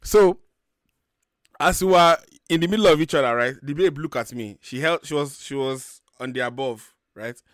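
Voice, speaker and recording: A man's voice: fairly high pitch, normal speed, no room sound, clean studio sound. A man, co-hosting a casual group chat and telling boastful, joking stories with some swearing.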